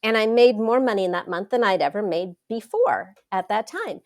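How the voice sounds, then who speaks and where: A middle-aged woman, a wealth coach, telling stories in a casual interview with dramatic, expressive delivery. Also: medium pitch, normal speed. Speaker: wealth coach, podcast guest.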